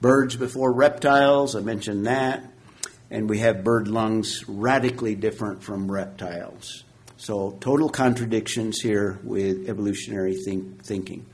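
A man giving a Bible lecture, slow and measured, with emphatic points and frequent pauses. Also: on the low side, steady tone. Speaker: Bible teacher.

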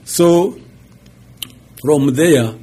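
A man in his sixties, a pastor giving a halting, chuckling personal testimony. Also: on the high side, warm tone, slightly rough. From Uganda. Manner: slow, halting storytelling with chuckles.

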